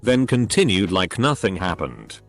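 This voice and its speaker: A man reading short stories aloud in a steady, scripted narration style. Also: low voice, a little slow, faint music behind.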